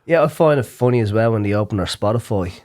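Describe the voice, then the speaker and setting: Lively low-voiced man. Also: fast. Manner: laughs often, storytelling with acted quotes. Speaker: guest, gigging musician. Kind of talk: casual chat.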